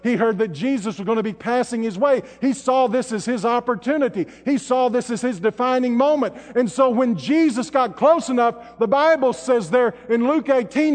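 A high-voiced man delivers a sermon, his words trailing off into a long church reverb. He swings from ringing, shouted emphasis down to hushed, intimate tones. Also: moderate pace, few pauses. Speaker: pastor.

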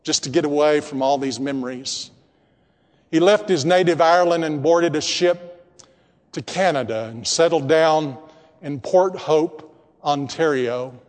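A man preaching a sermon in a church. He drops to hushed tones and then swells to emphatic peaks. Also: on the high side, a little slow, in a large hall. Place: church building with congregation.

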